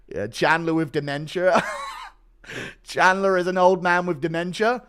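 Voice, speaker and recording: A man's voice: a little high, moderate pace, clear, resonant tone. A man hosting a casual livestream, reading donations, laughing and swearing freely. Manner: profane, laughing, animated. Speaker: livestream host.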